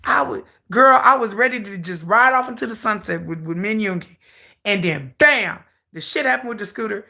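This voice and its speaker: A woman hosting a K-pop channel livestream, telling a dramatic, salty story with animated humor. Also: medium pitch, moderate pace, gravelly. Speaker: K-pop YouTube channel host. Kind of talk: casual livestream rant.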